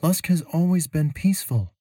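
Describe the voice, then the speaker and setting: A woman's voice: low voice, animated, moderate pace, dark tone, no room sound, clean studio sound, pitched above the performer's own voice. A man doing an anxious young woman traveler. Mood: worried. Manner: worried, talkative, questioning.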